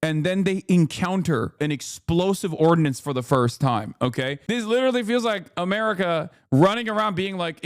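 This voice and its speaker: A man in his thirties doing live-stream commentary, ranting profanely and excitably, sometimes shouting in disbelief. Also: high voice, moderate pace, hardly any pauses, smooth, dry recording, studio quality.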